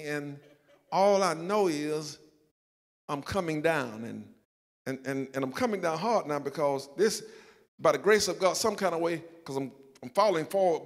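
A man's voice: fairly high pitch, in a large hall. An older man, a pastor with a Southern US accent, telling a self-mocking personal story in a sermon and acting out the quotes. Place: church sanctuary.

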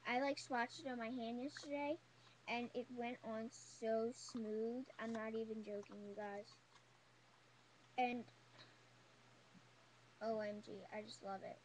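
Young female beauty vlogger, bubbly and gushing, voice sitting a bit high, faint hiss under it. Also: steady tone, a little slow, pauses often, rough recording. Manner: gushing, chatty, full of "like" and "oh my god". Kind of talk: casual haul video chat.

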